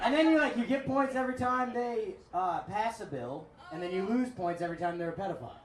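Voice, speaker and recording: A man in the audience at a comedy club jokes as he explains a silly idea, his voice high. He is picked up from far away in an echoey room. A loud noise sits under him. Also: lively intonation, fast. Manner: joking, laying out a silly idea. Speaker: audience member. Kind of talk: casual talk with a comedian.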